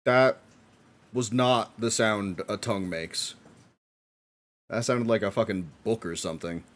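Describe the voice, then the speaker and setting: A man streaming a live watch-along, reacting excitedly with frequent laughs and casual swearing. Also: on the low side, unhurried.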